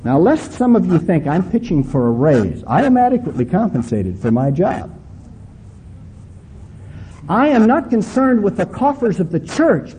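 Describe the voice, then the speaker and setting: A man preaching from the pulpit, stretching key words slowly for emphasis and slipping into homespun storytelling. His voice sits high, yet it sounds mellow and warm. A faint hum of ambient noise lies under his voice. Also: poor audio. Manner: emphatic preaching with slow, drawn-out stresses; folksy storytelling. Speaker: pastor. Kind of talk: sermon.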